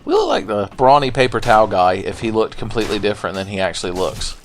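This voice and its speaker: A man's voice: on the low side, sing-song, fast talker, slight background noise. A man giving crude, joking let's-play commentary while gaming, slipping into silly voices for game characters. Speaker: gameplay commentator.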